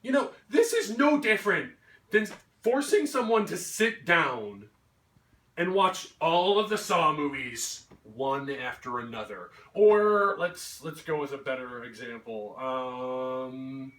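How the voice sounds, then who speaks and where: A man's voice: medium pitch, animated, slow, fairly bright tone. Man ranting in an echoey room. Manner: ranting, swearing, mocking voices. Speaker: vlogger. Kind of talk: angry movie rant. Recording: roomy echo, mic at a distance.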